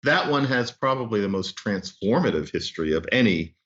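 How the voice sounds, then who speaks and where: Male expert guest, lively up-and-down delivery, muffled lo-fi line. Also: on the low side, a little fast. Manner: animated storytelling explainer. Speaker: guest author and linguist. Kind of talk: explanatory interview talk.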